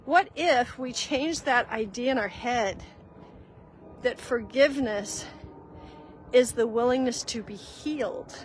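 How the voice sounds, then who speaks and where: A woman's voice: fairly high pitch, slow pace, soft background music, poor audio. Earnest woman giving faith guidance. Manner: earnest and conversational, addresses listeners as guys. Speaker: host giving spiritual guidance. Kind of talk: faith-based walk-and-talk teaching. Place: walking outdoors.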